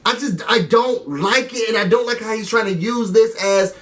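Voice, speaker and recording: A high-pitched man recapping a TV show in a lively, conversational way, often turning to speak straight to his audience. He sounds somewhat distant from the microphone. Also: normal speed, few pauses. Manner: animated, talks straight to viewers. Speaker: TV recap vlogger. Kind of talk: casual recap and review.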